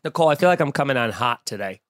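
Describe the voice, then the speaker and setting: Male podcast host, sarcastic, riffing, casual comedic chat, animated put-on quotes. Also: mid-range voice, very fast.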